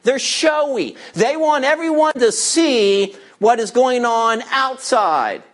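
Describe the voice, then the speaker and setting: A man's voice: very high-pitched, animated, takes it slowly. A man preaching a verse-by-verse sermon, emphatic and teacherly, asking questions and answering them himself. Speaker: pastor.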